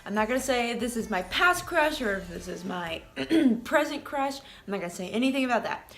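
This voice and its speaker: A woman's voice: fairly high pitch, expressive, a little fast, a bit bright. A young woman vlogging casually, telling a story in a rambling way full of "like" and "um", with giggles.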